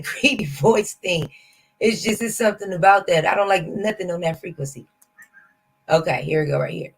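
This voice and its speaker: A woman with a medium-pitched, husky voice and a fairly bright tone hosts a reaction stream over poor audio. Her commentary is casual and chatty, aimed right at her viewers with a skeptical attitude.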